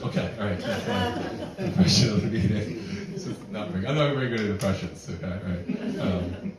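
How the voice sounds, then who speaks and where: A man's voice: lowish voice, brisk. Rambling middle-aged man doing stand-up. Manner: rambling, self-deprecating, heavy use of "like". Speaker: stand-up comedian. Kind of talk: stand-up comedy set. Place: barn music venue with live audience. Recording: echoey room, distant mic, crowd laughter.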